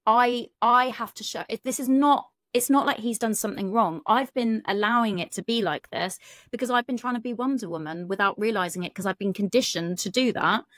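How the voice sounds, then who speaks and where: A woman's voice: fairly high pitch, fairly quick, a bit bright, no echo, clean studio sound. A British woman, a relationship coach, talking frankly on a podcast and swearing casually. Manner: frank, chatty, swears casually, many fillers. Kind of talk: candid podcast conversation.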